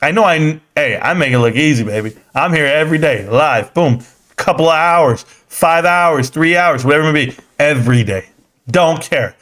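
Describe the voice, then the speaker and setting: Young male streamer, loose and slangy, fairly high voice, reads chat off the cuff. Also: expressive, moderate pace, fairly bright tone. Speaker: live stream host. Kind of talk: casual live stream chat.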